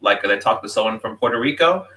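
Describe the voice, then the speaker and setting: A man chats as a guest, explaining things in a dry, measured way. His low voice has a very bright, sharp edge. He sits a bit back from the microphone, so he sounds more distant than the host. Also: animated. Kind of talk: casual conversation. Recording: voice from farther off the mic.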